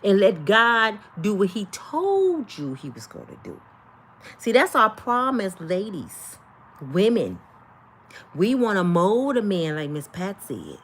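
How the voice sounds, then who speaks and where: Lively preachy grandmother streamer. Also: mid-range voice, slow, slightly rough. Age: older. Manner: animated preachy chatter, talks to viewers. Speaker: livestream host. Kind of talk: casual livestream talk.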